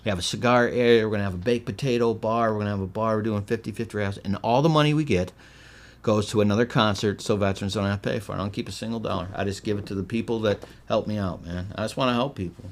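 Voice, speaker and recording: Middle-aged michigan guy telling a story on a podcast, animated, acts out the quotes. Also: on the low side, fast. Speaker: guest. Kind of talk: casual storytelling interview.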